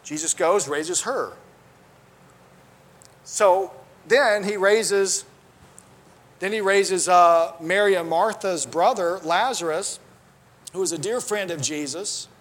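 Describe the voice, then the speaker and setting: A man's voice: sits high, slow pace, pauses often, fairly bright tone. A man preaching a sermon, earnest and conversational, with restarts and asides, quoting scripture in old-style wording.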